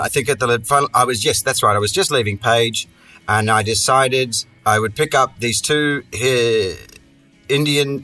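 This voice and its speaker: A man's voice: medium pitch, sharp tone. A man hosting a podcast, telling a story in a casual monologue full of profane, sardonic, rambling asides. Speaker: podcast host.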